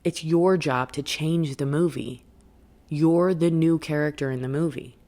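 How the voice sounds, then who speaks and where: A woman's voice: deep voice, a little slow, dark tone. A woman hosting a spiritual podcast, talking frankly and casually, often checking in with "right?". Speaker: podcast host and life coach.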